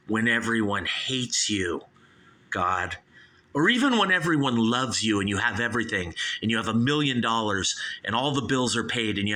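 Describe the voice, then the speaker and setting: A man's voice: fairly low pitch, sharp tone. A man hosting his own call-in show, rambling through a comic monologue, acting out both sides of made-up chats and plugging the phone number again and again. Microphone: studio microphone.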